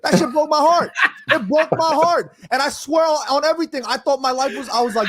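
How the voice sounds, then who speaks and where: A man with a New York accent talks football on a casual panel, animated and brash, swearing freely. His voice sits high for a man and comes across very dry and close. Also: a little fast, no echo. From New York City.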